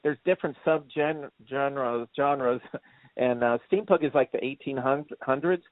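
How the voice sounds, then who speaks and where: Speaking a little slowly in a mid-range voice, this man co-hosts a laid-back movie review conversation where he tells meandering stories, performs quotes, and laughs a lot. It's a dry, tinny, phone-like recording without room sound.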